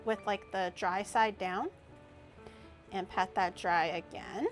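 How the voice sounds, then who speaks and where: A young woman streamer chatting casually and rambling as she cooks, with loud playful outbursts. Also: medium pitch, steady tone, takes it slowly, soft background music. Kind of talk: casual cooking stream chat.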